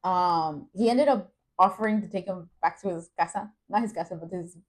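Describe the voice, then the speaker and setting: A woman's voice: lowish voice, normal speed. A young woman co-hosting a podcast, telling a rambling story in casual chat with lots of fillers. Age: young adult. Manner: rambling, uses many fillers and acted quotes. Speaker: podcast co-host.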